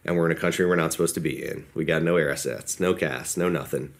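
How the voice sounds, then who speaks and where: A man with a very deep, low voice tells a war story in an interview. He talks in a casual, rambling way and acts out the lines people said. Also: steady tone, fast. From United States. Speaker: podcast guest.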